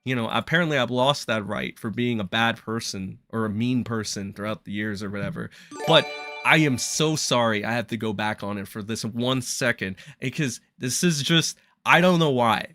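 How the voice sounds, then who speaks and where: Bright-voiced man ranting in anger. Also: medium pitch, normal speed, no room sound. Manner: angry profane ranting. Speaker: streamer and commentary host. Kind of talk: heated live-stream commentary.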